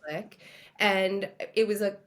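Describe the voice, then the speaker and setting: A woman's voice: medium pitch, fairly even intonation, normal speed. Woman from long island telling her story on a podcast, candid and earnest. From Long Island, New York. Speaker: podcast guest. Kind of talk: personal storytelling interview.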